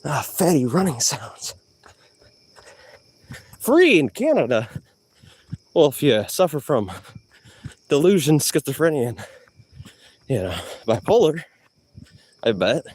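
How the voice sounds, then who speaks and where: A man's voice: mid-range voice, unhurried, long pauses, husky. Breathless man chatting while jogging. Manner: slangy, animated, talking while running. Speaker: vlogger. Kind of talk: casual chat to live chat while jogging.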